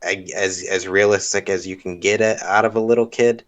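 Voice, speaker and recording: A man's voice: low voice, steady tone, fairly quick. A man co-hosting a casual movie review podcast, speaking hesitantly with fillers. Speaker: podcast co-host.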